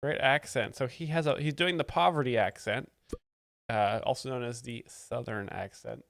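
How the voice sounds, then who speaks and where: A man's voice: mid-range voice, normal speed, gravelly, a bit bright, no room sound, clean studio sound. A man hosting a live stream, explaining stand-up jokes in a sarcastic, mock-expert tone. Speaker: comedy stream host. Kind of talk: casual live-stream commentary.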